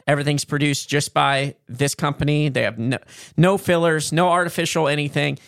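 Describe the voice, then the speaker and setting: A man co-hosting a podcast, chatting casually and reading an upbeat sponsor pitch. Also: steady tone, fairly quick, vocal fry, a bit bright, smooth, no echo, studio quality. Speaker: podcast co-host. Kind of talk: casual chat and sponsor read.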